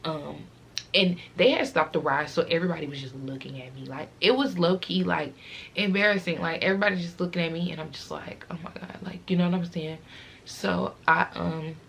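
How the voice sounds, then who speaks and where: A woman's voice: lowish voice, fairly quick, gravelly, a bit bright, a little hiss or hum. A teenage girl vlogger telling a casual, rambling storytime, fighting back tears as she talks.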